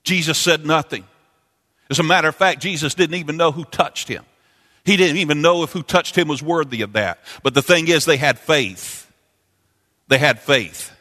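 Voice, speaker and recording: A man preaching a sermon, impassioned and repetitive, climbing into sung, chanting peaks before dropping low. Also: fairly quick, pushed and bright. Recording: long hall reverb.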